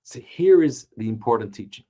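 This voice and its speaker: A man teaching a Talmud class, telling the story with animated emphasis and slowing down to stretch key words. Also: mid-range voice. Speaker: Torah teacher.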